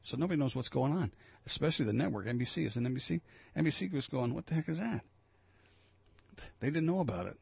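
Gravelly, raspy-voiced man talking radio. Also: medium pitch, lively intonation, racing, dry recording, dull audio. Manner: rambling, opinionated, reads news items then riffs. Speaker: local radio host. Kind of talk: casual talk radio commentary.

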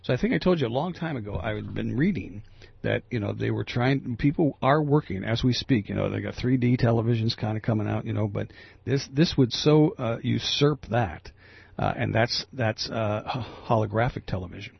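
A man with a deeply gravelly, husky voice hosts a talk radio show, rambling and restarting his sentences. The sound is dry, with no room at all. The pitch sits fairly low. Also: normal speed, dry recording, muffled recording. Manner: rambling, with many fillers and restarts.

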